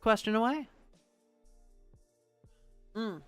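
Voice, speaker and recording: Woman streamer, casual rambling chat, crisp bright tone, faint music underneath. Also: on the low side, normal speed, no echo. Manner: chatty, rambling, casual swearing.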